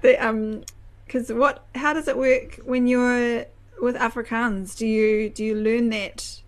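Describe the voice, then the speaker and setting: A woman's voice: fairly high pitch, fairly even intonation, takes it slowly. A young woman with a New Zealand accent in casual conversation, telling stories with lots of fillers, restarts and laughter. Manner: chatty, laughs often, many fillers and restarts. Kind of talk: casual chat.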